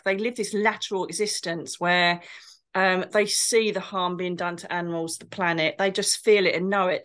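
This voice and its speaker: A woman's voice: medium pitch, fairly bright tone. A woman co-hosting a casual chat, telling rambling, gushing anecdotes. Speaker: co-host and spiritual medium.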